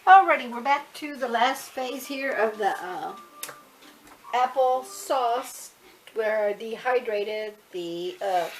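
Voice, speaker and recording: A woman's voice: on the high side, slow pace, slight background noise, poor audio. A woman chatting casually through a home cooking how-to, homey and loose, often correcting herself as she goes, recorded at home. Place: home kitchen and dining room.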